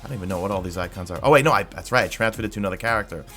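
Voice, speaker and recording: Excited, rambling male gaming YouTuber. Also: deep voice, faint music behind. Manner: rambling and excited, with quick asides. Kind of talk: casual gameplay guide commentary.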